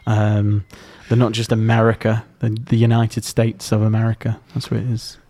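A man's voice: fairly low pitch, monotone, moderate pace, warm tone. A man, co-hosting a casual chat podcast in a chatty, jokey way. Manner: chatty, jokey, breaks into playful voices. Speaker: podcast co-host.

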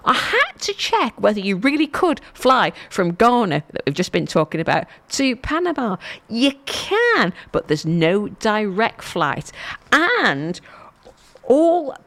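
A middle-aged woman hosting a solo show in a chatty, rambling way. Her pitch swoops up and down with lively movement as she pokes fun at herself and restarts her sentences. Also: slow pace. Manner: rambling, self-mocking, with restarts. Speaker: podcast host.

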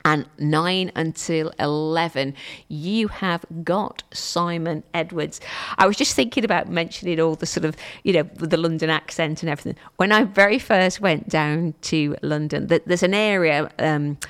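Low gravelly-voiced woman radio presenter. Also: normal speed. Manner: chatty and self-amused, rambling asides. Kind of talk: casual local radio chat.

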